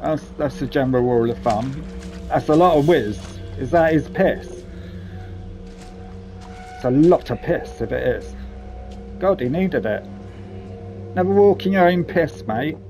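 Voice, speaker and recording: A man's voice: on the high side, lively intonation, unhurried, long pauses, dark tone, soft background music. A man hosting casual gameplay commentary, chatty and jokey with rambling asides. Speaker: gaming channel host.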